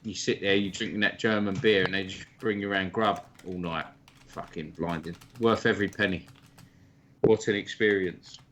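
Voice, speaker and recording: A man's voice: deep voice, steady tone, moderate pace, a bit bright, a little hiss or hum. A man chatting casually on a livestream, swearing freely in blokey banter. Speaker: stream co-host. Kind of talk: casual chat.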